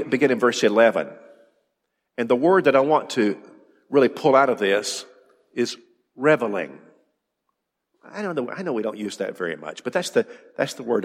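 A man's voice: on the high side, big-room sound. A man preaching a sermon, emphatic, firing off rhetorical questions and repeating his words as he drives a point home.

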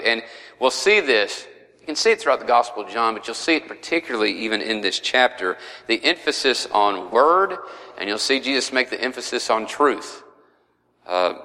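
A man's voice: fairly low pitch, bright, forceful tone, in a large hall, rough recording. A man teaching a verse-by-verse Bible study in a conversational way, with frequent fillers.

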